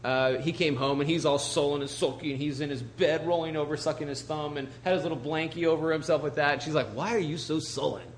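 A man's voice: a little high, steady tone, fast, few pauses, a little hiss or hum. Casual storytelling male preacher. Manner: informal storytelling with asides and restarts. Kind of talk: conversational Bible teaching.

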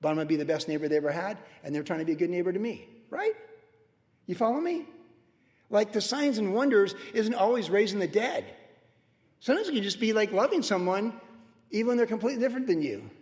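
A pastor in his sixties giving a sermon in a conversational, storytelling way with animated asides. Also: high-pitched, fast, big-room sound. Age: 60s.

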